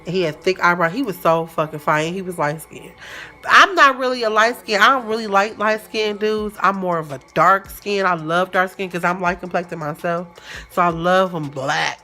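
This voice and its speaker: A woman telling a story in a casual, chatty vlog, animated and full of slang. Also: on the low side, moderate pace, faint music behind. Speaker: vlogger.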